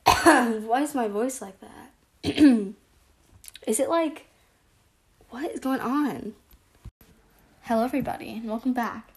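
A woman's voice: a little high, measured pace, pauses often. A young woman co-hosting a casual podcast, giggling and restarting her intro lines. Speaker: podcast co-host. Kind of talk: casual podcast chat, blooper takes.

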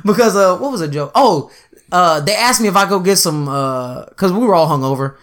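A man's voice: high voice, expressive, a little fast, fairly bright tone. A man in his twenties telling a rambling, profane story in casual chat, often putting on voices for the people in it.

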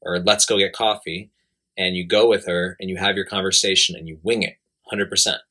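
A man's voice: low-pitched, steady tone, a little fast, sharp tone. A man giving blunt, emphatic dating advice in casual talk, repeating key points. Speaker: dating coach.

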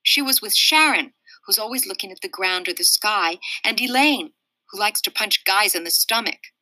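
A woman reading a children's novel aloud in a steady, expressive storytelling manner. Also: medium pitch, moderate pace, no echo, rough recording. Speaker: reader.

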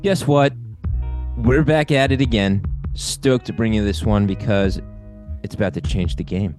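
Upbeat lower-voiced male podcast host. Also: unhurried, over music. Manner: upbeat, explains definitions at length. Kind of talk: casual conversational podcast.

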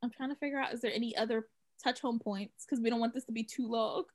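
A woman co-hosting a podcast in casual chat, laughing often and chiming in with quick quips. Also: a little high, fairly even intonation. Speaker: podcast co-host.

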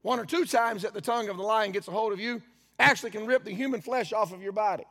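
A man preaching a sermon. He reads scripture slowly and emphatically, then speaks casually with asides to the congregation. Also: high-pitched, fairly bright tone, long reverb tail.

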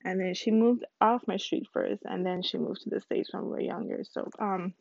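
A woman's voice: mid-range voice, steady tone, normal speed, creaky, darkish tone, no room sound, lo-fi sound. A young woman with Caribbean roots hosting a casual solo podcast, chatty and candid, rambling with fillers. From Caribbean background, lives in Houston. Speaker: podcast host.

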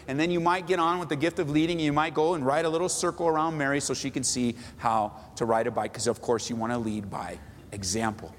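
A man, a pastor, preaching an animated, emphatic sermon in a church hall. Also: mid-range voice, quick pace. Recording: echoey hall, faint noise.

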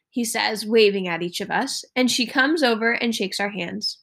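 A woman teacher reading a novel aloud to her class in an expressive way. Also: mid-range voice, moderate pace, vocal fry, few pauses.

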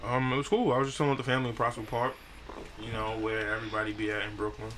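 A young adult man, a podcast guest joking loudly and playfully. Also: on the low side, flat delivery, slight background noise, poor audio. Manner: rapid, loud, playful joking. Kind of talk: casual banter.

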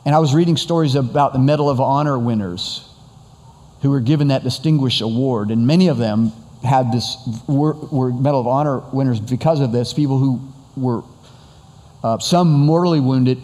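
A man's voice: medium pitch, darkish tone, big-room sound. A man preaching a sermon as pastor, earnest and conversational, often repeating and stressing words.

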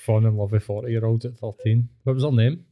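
A man's voice: mid-range voice, steady tone, quick pace, phone-quality sound. A Scottish man chatting bluntly and swearing often as co-host of a casual podcast.

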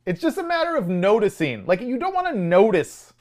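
A man's voice: sits high, a little fast. A man co-hosting a film podcast, mocking movie dialogue with frequent laughter. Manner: mocking, laughs often, quotes lines in a flat dramatic voice. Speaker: podcast co-host. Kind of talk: casual film-review banter.

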